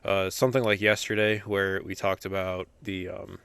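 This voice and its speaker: A man's voice: deep voice, level tone, moderate pace, creaky, a bit bright, clear, resonant tone, no echo. A young man hosting a daily Bible podcast, chatting casually with fillers and then reading scripture aloud steadily.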